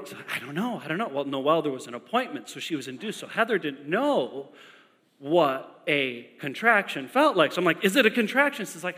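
A male pastor preaching a sermon, telling stories in an animated way and repeating lines for emphasis. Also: fairly high pitch, brisk. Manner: animated storytelling with emphatic repetition. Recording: long echo of a large hall.

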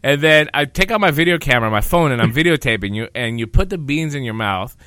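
A man's voice: mid-range voice, animated, fast talker, sharp tone, clean tone, no echo. A man hosting a podcast, telling a travel story in casual chat and laughing as he goes. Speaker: podcast host.

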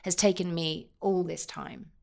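Podcast guest, woman, low and gravelly, reflective and emphatic. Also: unhurried, darkish tone. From England. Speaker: actor guest. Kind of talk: podcast interview.

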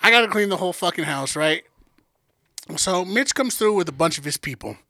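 A man with a high, gravelly voice tells a crude story in casual podcast chat. His tone is bright and edgy, the sound close and dry, and he keeps slipping into the voices of the people he quotes. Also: a little fast, no room sound. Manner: profane, animated, acts out quoted dialogue. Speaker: podcast co-host.

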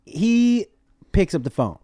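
Lively higher-voiced man telling stories. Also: normal speed, dry recording, studio quality. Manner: animated, profane storytelling. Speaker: comedian guest. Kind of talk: casual chat.

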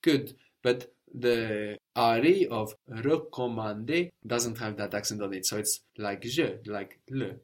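A male language teacher with a fairly low voice explains pronunciation patiently and evenly during a spoken lesson. Every so often he pauses to quiz his student with short questions.

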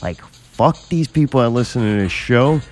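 A man's voice: medium pitch, lively intonation, normal speed, soft background music. A man co-hosting a podcast in casual chat, sarcastic and profane. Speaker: podcast co-host.

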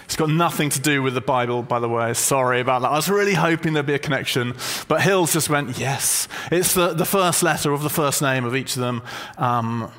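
A man preaching a sermon to a congregation, conversational and gently humorous as he explains a word. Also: mid-range voice, a little fast. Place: church hall with a congregation.

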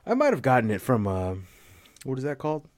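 A man's voice: mid-range voice, wildly swooping pitch, a little fast, a little mellow, dry recording. A young man in casual conversation, rambling and swearing, with lots of fillers and frequent laughter. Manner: profane, rambling, laughs often, filler-heavy.

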